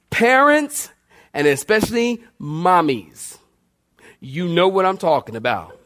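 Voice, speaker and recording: A man preaches as pastor, calling out to his congregation while his pitch and loudness swing dynamically.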